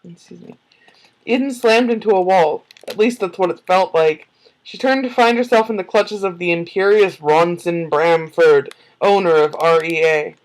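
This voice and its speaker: A woman's voice: on the low side, moderate pace, rough recording. A woman reading a book aloud in a casual way and breaking off for sarcastic, giggly commentary. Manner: snarky, sarcastic asides; giggles often.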